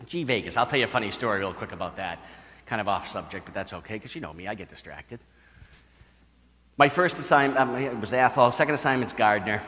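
A middle-aged male priest tells stories at a retreat, acting out the people in them with lively, playful voices. His voice sits in an ordinary middle register. It carries the long reverb of a large church. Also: mid-range voice. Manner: animated storyteller, acts out voices. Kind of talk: retreat talk with storytelling.

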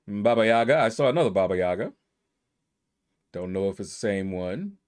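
A man's voice: lowish voice, moderate pace. Laid-back man reading out a leaderboard. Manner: relaxed, drawls and plays with player names. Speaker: gaming YouTuber. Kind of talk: casual commentary reading a leaderboard.

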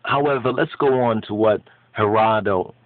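A man's voice: fairly low pitch, moderate pace, no room sound. Preachy man on a tinny line. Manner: emphatic, preachy, repeats and restarts phrases. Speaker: commentator. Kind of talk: impassioned spoken commentary on an article. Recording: tinny phone-like dry sound.

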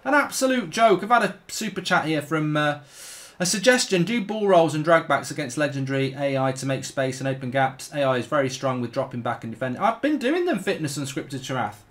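A man's voice: on the high side, lively intonation, a little fast. Ranting man streaming a game. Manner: ranting, swearing, exasperated outbursts. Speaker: gaming streamer. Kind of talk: live gameplay commentary.

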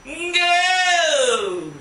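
A man's voice: very high voice, big pitch swings, very slow, sharp tone. A male impressionist announcing his next bits in stand-up comedy, with dry asides. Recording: roomy stage sound from far off.

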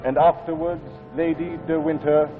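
An actor playing a male reading machine that reads stories aloud in a measured voice, in a live 1950s TV drama. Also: on the high side, flat delivery, close to an everyday voice. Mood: steady reading. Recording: tinny 1950s TV speaker audio with music.

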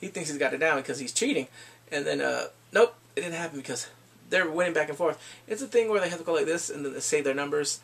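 A man's voice: fairly high pitch, quick pace, creaky, fairly bright tone, husky. A man recapping an anime episode in a casual review, acting out scenes with laughs and exclamations.

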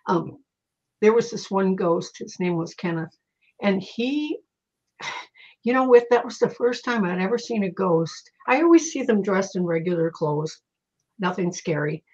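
A woman guest speaking as a psychic, telling lively stories in casual conversation and acting out the voices in them. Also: medium pitch, a little slow, breathy edge. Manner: animated, quotes voices in her stories. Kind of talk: conversational storytelling. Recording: muffled lo-fi audio.

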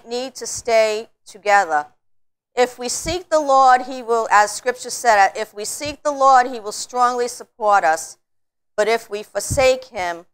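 A middle-aged woman teaching a Bible study, earnest and exhorting, slowing down to read scripture aloud. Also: a little high, a bit bright, smooth.

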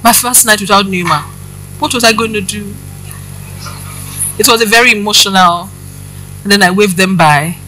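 A woman's voice: medium pitch, moderate pace, pauses often, pushed and bright, a little hiss or hum, rough recording. A woman preaching, giving a personal testimony and addressing the congregation directly with questions.

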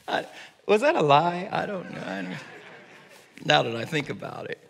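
A pastor delivers a sermon in a high, light voice for a man. His words carry a long reverb, as in a large church sanctuary. He often doubles back and restarts his phrases as he preaches. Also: very animated, takes it slowly, gravelly, fairly bright tone, slight background noise.

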